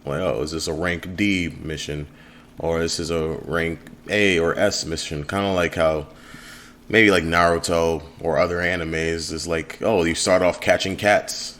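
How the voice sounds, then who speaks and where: A man talks over his game demo in a low, deep voice, laid-back and chatty with little chuckles. a faint hiss of background noise sits under his voice. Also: measured pace. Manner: relaxed, rambling, with fillers and chuckles. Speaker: game developer playing his own demo. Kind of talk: casual let's play commentary.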